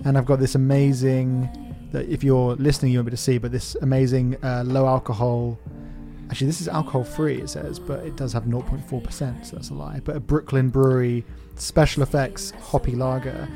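A man in an easy, rambling podcast conversation, his voice sitting at an ordinary middle pitch. He talks in loose, self-correcting runs and laughs often, with soft music faintly under him. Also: steady tone, brisk, vocal fry. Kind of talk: casual chat.

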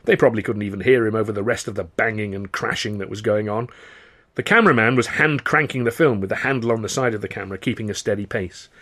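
Husky-voiced male audiobook narrator. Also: on the low side, quick pace, fairly bright tone. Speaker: author and audiobook reader. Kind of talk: scripted first-person narration.

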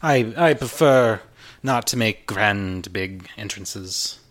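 A man's voice: fairly low pitch, a bit bright. A man voicing a middle-aged, Spanish-looking male party host who speaks formally with an Arabic accent, over guitar music. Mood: courtly. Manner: formal, gracious, slow and measured.

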